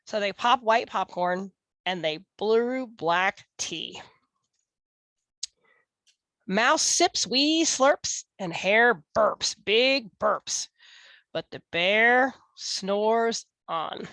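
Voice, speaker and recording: Slow expressive woman reading aloud. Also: mid-range voice, dry recording. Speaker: storyteller. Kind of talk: children's picture book read-aloud.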